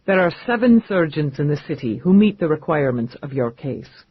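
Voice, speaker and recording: A wealthy, smooth-talking man with a calm, dryly amused delivery, as the narrator plays him. His voice is husky and sits fairly high for a man, recorded dry with a slightly muffled sound. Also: moderate pace, no echo.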